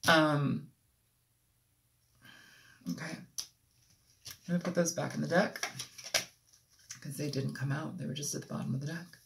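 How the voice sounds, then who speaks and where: A tarot reader from Los Angeles giving an intuitive reading, talking in a rambling, halting way with frequent ums, as if channeling impressions as they come. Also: medium pitch, fairly even intonation, creaky, a bit bright, slight background noise. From Los Angeles, United States.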